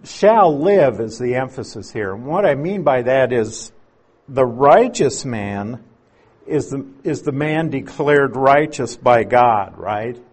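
A man's voice: medium pitch, lively intonation, slow pace, slightly rough. A man teaching through scripture in an expository sermon, patient and explanatory, leaning on key words to drive his points home. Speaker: Bible teacher.

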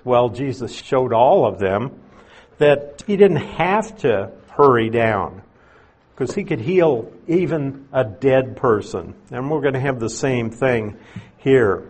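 A man's voice: mid-range voice, lively intonation, slow, darkish tone, breathy edge. A man preaching an expository sermon, explaining verses plainly with conversational asides.

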